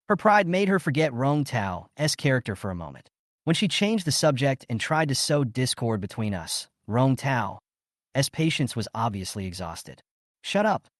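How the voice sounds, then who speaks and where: Male narrator, scripted story recap, lively pitch, dry close sound. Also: no room sound.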